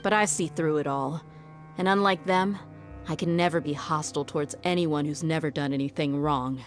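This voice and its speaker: An actress playing a confident, laid-back desert mercenary in a video game. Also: female voice, sits low, steady tone, moderate pace, lightly acted. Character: tough, easygoing desert mercenary woman. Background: game music.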